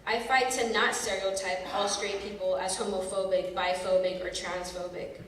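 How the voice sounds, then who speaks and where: A woman in her thirties from San Francisco telling a personal story on a theater stage, expressive and dramatic. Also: medium pitch, normal speed. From San Francisco, USA. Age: 30s. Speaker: storyteller performer. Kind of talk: spoken-word personal storytelling. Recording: echoey hall from far off, faint noise.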